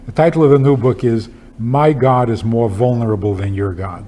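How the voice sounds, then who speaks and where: A man's voice: medium pitch, fairly even intonation, unhurried, pauses often, warm tone, a little hiss or hum. A man, a rabbi, giving a talk with humorous stories and pointed rhetorical questions in an emphatic, wry manner. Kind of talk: lecture with humorous storytelling.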